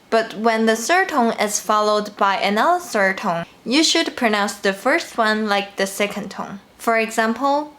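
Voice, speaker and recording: A woman teaching a language lesson, explaining each rule carefully and repeating example words slowly. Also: medium pitch, fairly bright tone. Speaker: Mandarin teacher. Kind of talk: slow, clear language lesson narration.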